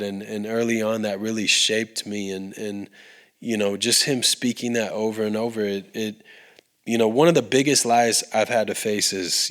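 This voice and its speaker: Male podcast guest, slightly low voice, earnest conversational testimony, halting and sincere. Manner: heartfelt, with frequent restarts and fillers. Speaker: podcast guest, recording artist.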